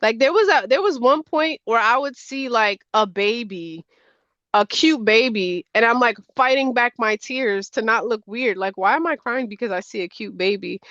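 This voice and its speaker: Woman guest, fairly high voice, lively and rambling; muffled dry call audio. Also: no echo. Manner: animated, rambling, quick pitch jumps. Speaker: tarot deck creator, guest. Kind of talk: casual chat.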